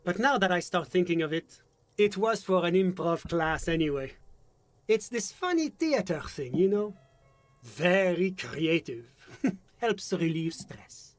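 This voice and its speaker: A smooth, evasive diplomat. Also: male voice, high-pitched, lively intonation, measured pace, no echo. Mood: chummy. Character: evasive, genteel male diplomat, middle-aged, polished and smooth-talking. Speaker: foreign diplomat questioned by a detective. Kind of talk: video game voice acting.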